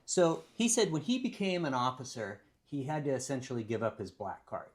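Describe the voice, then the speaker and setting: A man's voice: mid-range voice, lively intonation, brisk. A man hosting an interview podcast, asking curious, probing questions in a conversational way and backing his guest with short affirmations.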